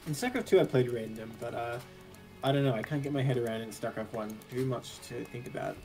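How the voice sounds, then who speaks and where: A man with an Australian accent casually commentating an esports match, joking and quick to react. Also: medium pitch, darkish tone, faint music behind, low-quality recording. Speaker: esports caster.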